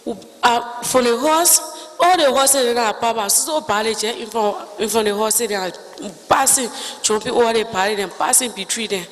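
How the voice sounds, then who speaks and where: A woman with a Liberian English accent giving spoken testimony in halting, broken phrases, acting out other people's words as she goes. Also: fairly high pitch, in a large hall, low-quality recording.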